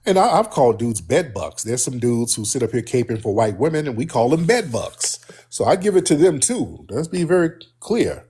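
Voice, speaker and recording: A husky-voiced man hosts a casual live stream, his pitch bouncing all over as he teases and needles a caller. He is brash and confrontational, pressing his point without letup. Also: sing-song, normal speed, a little mellow. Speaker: livestream host. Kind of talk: casual livestream chat.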